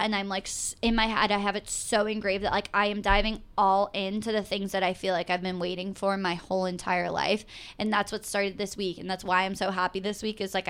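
A woman in her twenties, a podcast guest talking excitedly in a casual interview, with lots of "like" fillers. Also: mid-range voice, clear, resonant tone. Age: 20s. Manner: gushing, excited, heavy use of "like". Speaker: podcast guest, show host.

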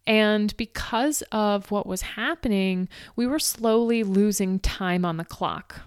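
A woman's voice: medium pitch, slow pace, clean tone, no room sound, clean studio sound. Emotional woman retelling a race. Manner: emotional, fighting back tears; frequent fillers like "like" and "um". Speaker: ultrarunner recounting a race. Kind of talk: personal storytelling.

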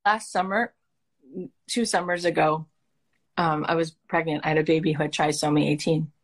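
Earnest woman coach, heartfelt and animated. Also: sits low, normal speed. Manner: earnest, emotional, animated storytelling. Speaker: life coach and host.

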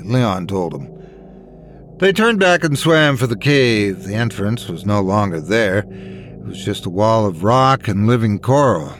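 A man's voice: lowish voice, expressive, normal speed, a bit bright, soft background music. A man narrating a scripted horror story and doing all the character voices.

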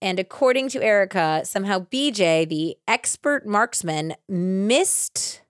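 A woman hosting a true crime podcast, casually retelling a case with animated acted-out quotes and lots of "like". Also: mid-range voice, measured pace, clean tone, no echo, studio quality. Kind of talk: casual storytelling.

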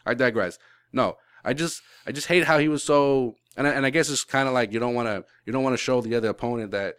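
A man's voice: medium pitch, fast talker, fairly bright tone, smooth, no echo. Rambling male podcast host, dry sound. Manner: rambling, frequent restarts and swearing. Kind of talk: casual sports chat.

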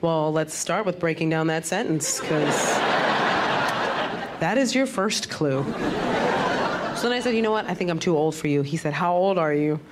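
A woman's voice: low voice, moderate pace, long pauses. A woman comedian performing a stand-up set, telling a story with wry, punchy delivery. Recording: live comedy club recording, loud crowd and noise. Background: loud audience laughter.

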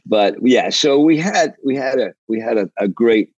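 An older man from Canada, a rock drummer, telling rambling, animated, profane stories in an interview. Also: mid-range voice, moderate pace, husky, no room sound, dull audio. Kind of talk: storytelling interview.

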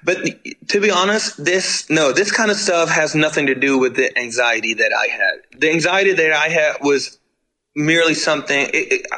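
Lively German man telling tour stories. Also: a little high, low-quality recording. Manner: rambling, animated, swears casually. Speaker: musician guest. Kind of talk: casual storytelling.

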